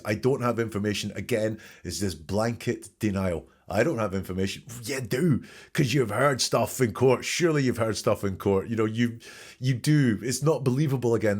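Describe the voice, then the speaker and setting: A low-pitched man talking through court testimony as a host. He presses his points emphatically, asks pointed questions and repeats key words for effect. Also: darkish tone. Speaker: host analyzing trial testimony. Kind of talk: spoken commentary on court clips.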